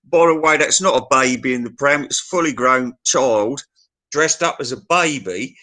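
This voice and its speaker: A man's voice: medium pitch, moderate pace, sharp tone. A middle-aged man in casual chat, telling stories in a sweary, ranting way.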